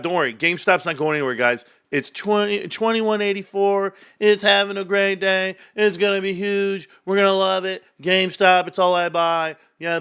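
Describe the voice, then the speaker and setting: A man streaming a casual rant about stocks, trash-talking with bursts of laughter and mock voices. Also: sharp tone. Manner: brash trash-talking, swings between hyped and low muttering.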